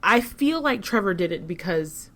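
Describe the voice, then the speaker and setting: A woman co-hosting a casual commentary chat, speaking in a thoughtful, measured way. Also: mid-range voice, animated. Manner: thoughtful, measured, some restarts. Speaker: co-host.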